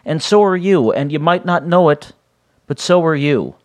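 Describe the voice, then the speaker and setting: Rambling, somewhat high-voiced podcast host man. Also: expressive, normal speed. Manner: rambling, often restarting sentences. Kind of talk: casual solo podcast monologue.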